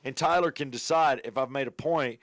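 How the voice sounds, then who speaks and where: A man's voice: mid-range voice, a little fast, a bit bright, dry recording. A young adult man telling a rowdy story in casual podcast banter. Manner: rowdy storytelling, mock accents. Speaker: podcast co-host.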